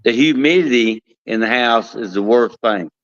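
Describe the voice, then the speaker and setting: A man's voice: medium pitch, normal speed. A man who works at a cigar plant, chatting casually, often restarting and trailing off mid-thought. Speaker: guest, cigar plant worker. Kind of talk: casual chat. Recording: dull lo-fi sound.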